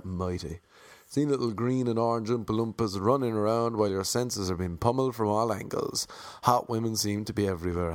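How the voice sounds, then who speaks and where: An Irish man narrates a comic travel story, slipping in wry, deadpan asides. His voice sits fairly low, and the recording is close and completely dry, with no trace of the room. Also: no room sound. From Ireland.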